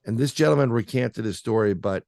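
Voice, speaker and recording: Male guest, paranormal researcher, low gravelly voice, dry close sound, loose excitable storyteller. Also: brisk, no room sound. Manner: rambling, filler-heavy, restarts, excitable. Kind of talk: casual storytelling in an interview.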